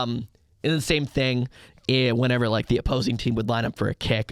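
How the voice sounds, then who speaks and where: A young man chatting on a podcast at an ordinary pitch, recorded close and dry. He tells stories with rising excitement and now and then shouts out crowd chants. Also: fast talker, no room sound. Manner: excitable storyteller, acts out crowd hype in loud bursts. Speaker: podcast guest, arena host. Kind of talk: casual podcast chat.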